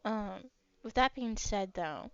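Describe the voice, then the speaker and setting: A woman's voice: mid-range voice, lively intonation, slow, creaky, clean tone, dry recording. A young woman narrating as game master of a tabletop game, rambling with lots of fillers. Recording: dry, dull lo-fi mic.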